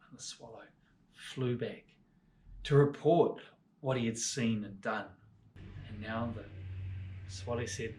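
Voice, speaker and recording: Expressive New male storyteller. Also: mid-range voice, normal speed, pauses often. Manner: expressive, swings from lively to hushed. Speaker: children's ministry storyteller. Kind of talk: children's storytelling.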